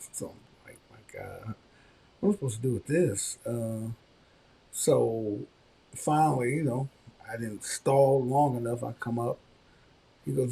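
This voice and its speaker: A man hosting a podcast, telling a personal story in casual conversation and giving frank advice, with animated bursts when he quotes others. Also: mid-range voice, slow pace, gravelly, long pauses, slightly rough. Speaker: podcast host.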